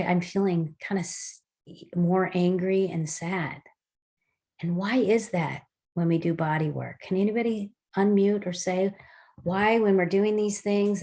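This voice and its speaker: A woman leading an online mindful movement and breathing class, guiding gently and slowly with soft breathy cues, over a video call. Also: medium pitch. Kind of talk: guided movement and breathing lesson.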